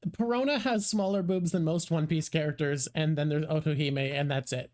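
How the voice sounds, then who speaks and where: A co-host chatting casually on a live stream, going off on quick, opinionated tangents. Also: medium pitch, darkish tone. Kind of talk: casual chat.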